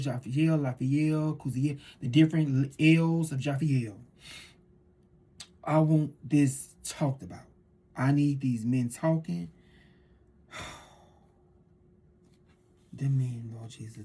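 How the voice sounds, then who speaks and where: A woman tarot reader in a casual spiritual monologue, fervent and preachy, swinging between loud declarations and hushed asides. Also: low voice, slightly rough.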